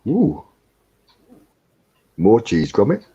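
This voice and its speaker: On a casual live stream from his home, an English co-host talks slowly and chattily, joking and laughing often, into a computer mic that sounds muffled. His low, dark voice has a breathy edge and wildly swooping pitch.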